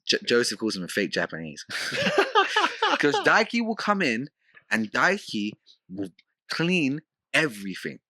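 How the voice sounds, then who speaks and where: A young man chatting casually as a podcast guest, telling lively stories and mimicking his housemates. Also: mid-range voice, unhurried, dry recording, studio quality. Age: young adult. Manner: animated storyteller, mimics housemates.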